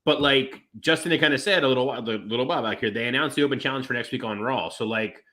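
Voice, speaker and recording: A man's voice: quick pace, bright, forceful tone. A man co-hosting a casual wrestling podcast, rambling and acting out quotes in put-on voices. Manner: rambling, acts out quotes with big pitch jumps. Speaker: podcast co-host.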